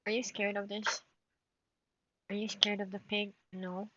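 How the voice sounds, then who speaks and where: A woman's voice: mid-range voice, little pitch movement, a little slow, pushed and bright. A woman streaming live, chatting to her cat in a giggly, baby-talking way. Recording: dull lo-fi stream audio.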